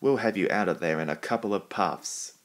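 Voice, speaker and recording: A man's voice: a little fast, lightly acted. Gordon, a man doing a proud big engine. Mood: jovial. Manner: boastful, booming. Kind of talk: storybook reading.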